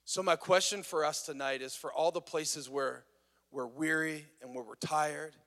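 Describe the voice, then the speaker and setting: A pastor speaks in a slightly higher man's voice, preaching in a conversational, earnest way that builds in intensity. His words ring out with the long reverb of a large hall. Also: steady tone, normal speed, a bit bright. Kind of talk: sermon. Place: worship venue.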